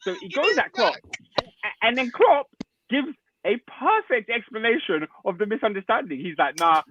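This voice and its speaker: A man's voice: high-pitched, sing-song, moderate pace, bright, forceful tone, dull audio, slight background noise. A man co-hosting a football podcast, talking in slang and steering the chat back to the topic. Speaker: podcast co-host.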